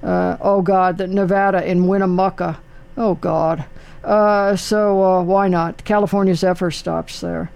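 A man's voice: sits high, flat delivery, unhurried, gravelly, a little mellow, clean tone. An older man hosting a casual talk show, rambling and chatty with lots of fillers. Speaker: radio host. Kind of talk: casual chat.

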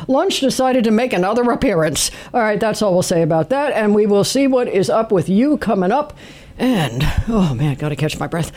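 A man's voice: high voice, a little mellow. A man hosting a call-in radio show, chatty and easygoing, thinking aloud with fillers. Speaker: radio host.

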